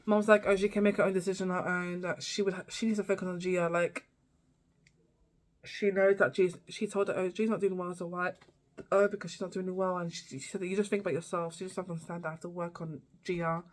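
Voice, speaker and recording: A woman's voice: mid-range voice, level tone, a little fast. A young woman vlogger recapping a TV season in a rambling, casual way, with many fillers and restarts. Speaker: TV review vlogger.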